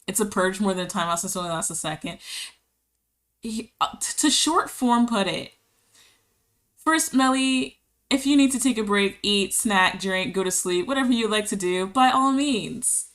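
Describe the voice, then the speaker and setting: Woman streamer, bright voice, loose chatty delivery, reads chat out, giggly. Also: mid-range voice, normal speed. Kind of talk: casual live-stream chat.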